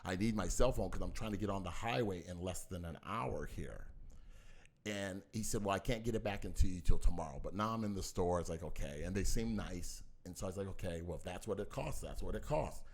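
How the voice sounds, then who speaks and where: Guy with a low voice telling a story, forceful, acts out the back and forth. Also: brisk. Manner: animated, acts out both sides of a dispute; talks forcefully. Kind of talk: casual storytelling on a podcast.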